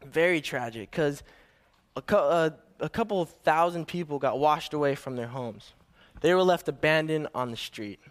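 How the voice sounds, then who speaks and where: Young man, first-time preacher, fairly high voice, casual storytelling, nervous restarts. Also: normal speed. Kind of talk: storytelling sermon.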